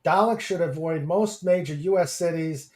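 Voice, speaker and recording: A man's voice: on the high side, normal speed, darkish tone. A man hosting a casual podcast stream, chatting with guests and reading viewer comments aloud, with lots of fillers and chuckles. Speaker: podcast host.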